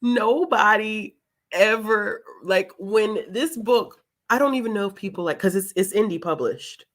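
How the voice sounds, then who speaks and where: A woman's voice: medium pitch, a little slow. A woman hosting a book vlog, chatting casually with viewers and laughing often between words as she talks. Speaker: book vlogger hosting a reading sprint.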